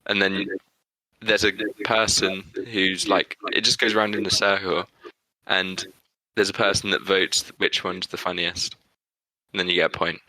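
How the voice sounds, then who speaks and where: A man's voice: deep voice, little pitch movement, normal speed, sharp tone, no echo, rough recording. A man co-hosting a podcast, chatting casually with short quips and agreement. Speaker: podcast co-host. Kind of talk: casual chat.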